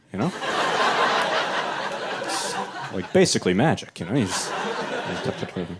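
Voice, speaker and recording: A young adult man doing a live stand-up set in a small club, talking loosely and conversationally and jumping into animated voices for the people he quotes. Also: fairly low pitch, fairly quick, pauses often, very noisy. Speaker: stand-up comedian.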